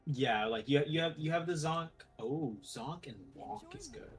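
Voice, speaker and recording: A man casting a live video game match, excitable and quick to laugh. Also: fairly high pitch, rough recording. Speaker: esports caster.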